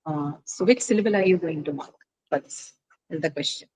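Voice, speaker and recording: A woman's voice: low-pitched, normal speed, a little mellow, husky, rough recording. A woman teacher lecturing a class, explaining step by step with frequent fillers and tag questions. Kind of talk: classroom lecture on word stress.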